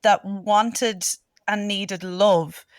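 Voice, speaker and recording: A woman's voice: mid-range voice, steady tone, drawn-out words, no echo, studio quality. A woman hosting a podcast interview, reflecting back on her guest's story in an affirming way. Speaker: podcast host. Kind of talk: interview conversation.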